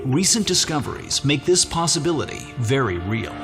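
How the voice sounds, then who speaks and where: A man's voice: mid-range voice, very animated, normal speed. Male documentary narrator over music.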